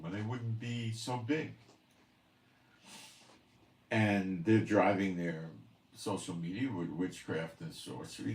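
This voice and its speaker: Man, low voice, lively swings in pitch, scornful emphatic ranting, echoey room, off-mic. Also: far from the mic. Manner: emphatic, scornful, rhetorical questions. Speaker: host of a prophecy commentary channel. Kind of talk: ranting commentary monologue.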